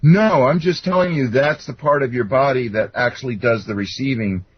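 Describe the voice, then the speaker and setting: Rambling male guest telling stories, slightly husky voice, dull dry recording. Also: medium pitch, moderate pace, dry recording. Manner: rambling, anecdotal, many fillers and restarts. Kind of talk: casual storytelling interview. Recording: dull lo-fi sound.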